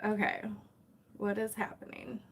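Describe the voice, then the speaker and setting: A woman's voice: medium pitch, huge pitch swings, a little slow, creaky, a bit bright, slightly rough. A young woman hosting a casual live stream from home, greeting viewers by name and apologizing often, picked up by a camera set some distance away.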